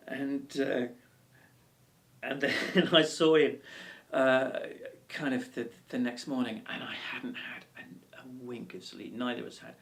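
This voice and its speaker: Brief: male ukulele teacher, gravelly voice, rambling and encouraging, recorded a little off-mic. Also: mid-range voice, steady tone, measured pace, far from the mic. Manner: chatty, encouraging, with many ums and restarts. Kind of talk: casual video lesson and anecdote.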